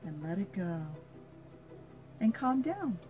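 An older woman with a mid-range voice that swings widely in pitch reads a picture book to her grandchild. She takes it slow and gentle, stopping now and then to put questions to the child.

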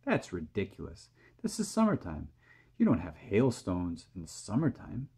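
A man voicing a boastful, rude male centipede who shouts insults with scorn. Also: low-pitched, huge pitch swings, unhurried, vocal fry, husky, exaggerated voice. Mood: scornful.

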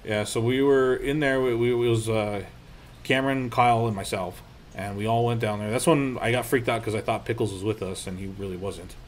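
A man's voice: lowish voice, brisk, slight background noise. A young man co-hosting a casual paranormal chat, telling stories animatedly and swearing freely. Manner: animated storyteller, swears freely, acts out quotes. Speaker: podcast co-host.

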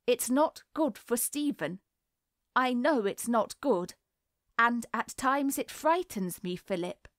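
A woman reading the lines of an anxious, earnest mother who speaks gravely with a slight tremble. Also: fairly high pitch, animated, slow, no echo, studio quality.

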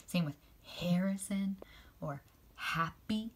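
A woman teaching young children their letters, spelling words out slowly and praising each answer. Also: lowish voice, animated. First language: English. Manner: slow, encouraging, spells out letters and sounds.

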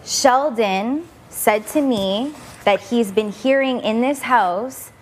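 A woman's voice: fairly high pitch, slow pace, slight background noise. A young woman on a reality show, making an emotional, confrontational speech at a house meeting. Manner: emotional, confrontational, defending herself.

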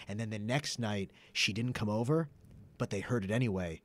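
A man telling funny stories in casual comedic chat, with deadpan fibs and laughter at his own jokes. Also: on the low side, a little fast. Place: studio.

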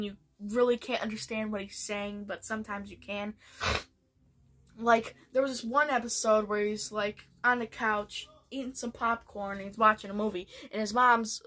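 A woman's voice: medium pitch, sharp tone. A woman chatting casually in a vlog, rambling with many restarts. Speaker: vlogger. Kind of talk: casual vlog chat ranking TV shows.

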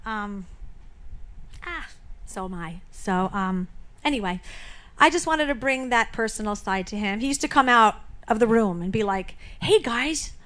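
A woman speaking as a memorial speaker, telling personal stories in a chatty, halting way full of fillers and restarts. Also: mid-range voice, fairly bright tone. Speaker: memorial speaker, late comedian's roommate. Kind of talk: personal tribute speech. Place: live show venue.

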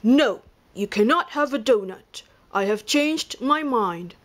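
A woman voicing a serious, stern male panda in a flat, firm tone. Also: a little high, slow pace.

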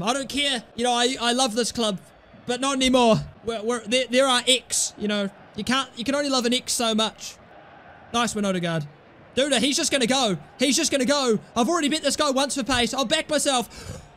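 A young man commentating his own football video game, swinging from low muttered asides to excited yells at the screen. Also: a little fast, slight background noise. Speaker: gaming YouTuber. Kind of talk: live gameplay commentary.

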